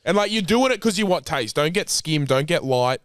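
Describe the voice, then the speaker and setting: A man's voice: fairly high pitch, lively intonation, normal speed, a bit bright, clean tone, dry recording, clean studio sound. An Australian man in his twenties co-hosting a podcast, talking bluntly and casually with plenty of swearing. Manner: sweary, blunt, laid-back. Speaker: podcast co-host. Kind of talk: casual chat.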